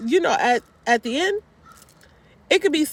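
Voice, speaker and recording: A woman's voice: high voice, expressive, normal speed. A woman vlogging from a parked car into a handheld phone, giving upbeat, repetitive, slangy encouragement. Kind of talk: motivational casual talk to camera.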